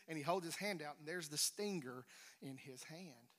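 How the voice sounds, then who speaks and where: A man preaching a sermon, emphatic, swinging between loud declarations and hushed near-whispers. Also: on the high side, moderate pace. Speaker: pastor. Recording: reverberant hall.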